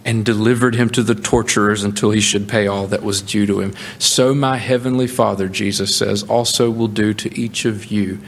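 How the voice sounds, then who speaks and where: A man preaching a sermon, animated, with emphatic rising peaks. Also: lowish voice, creaky, a little hiss or hum. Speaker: pastor.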